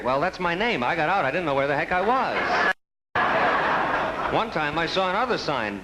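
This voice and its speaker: Deadpan man doing stand-up. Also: fairly high pitch, moderate pace, very noisy. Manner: deadpan storytelling, acts out sign voices. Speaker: stand-up comedian. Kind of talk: stand-up routine.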